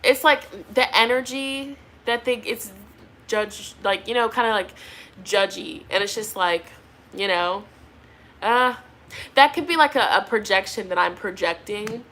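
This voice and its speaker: A woman's voice: medium pitch, measured pace, fairly bright tone. A pregnant young woman doing a tarot reading, chatting casually with viewers and laughing often. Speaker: tarot reader.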